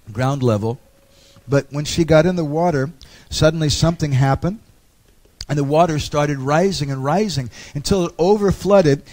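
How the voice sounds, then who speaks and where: A man's voice: fairly high pitch, darkish tone. A man giving a storytelling lecture on a pilgrimage, with humorous asides.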